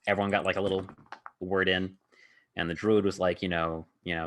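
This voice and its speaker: Low-voiced guy rambling about his dnd session, lots of likes. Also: level tone, a little fast, fairly bright tone. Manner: rambling, heavy on filler words, laughs often. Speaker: podcast host and game master. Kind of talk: casual chat recounting a tabletop game session.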